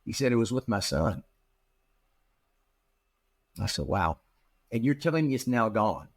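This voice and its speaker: A man's voice: on the low side, unhurried. A middle-aged man, a practice management consultant, telling stories in an interview and acting out the dialogue he quotes. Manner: animated, acts out quoted dialogue. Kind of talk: storytelling in an interview.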